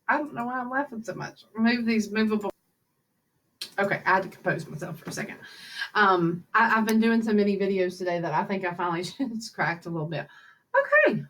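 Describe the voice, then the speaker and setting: A woman's voice: a little high, fairly bright tone. Woman, teacher, friendly chatty lesson voice, talks through math steps aloud. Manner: chatty, upbeat, talks to kids while working problems aloud. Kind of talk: recorded math lesson over slides.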